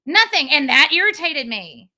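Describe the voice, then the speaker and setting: A woman in her thirties with a high, bright voice that swings widely up and down. She co-hosts a casual podcast and argues in a heated, exasperated way, often laughing through her anger. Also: big pitch swings, normal speed. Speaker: podcast co-host. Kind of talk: casual chat.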